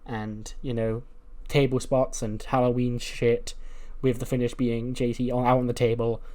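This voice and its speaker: A man's voice: mid-range voice, flat delivery, moderate pace, warm tone. Chatty man narrating a wrestling sim. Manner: chatty, laughs at himself, swears casually. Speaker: YouTuber playing a wrestling booking sim. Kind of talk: casual commentary.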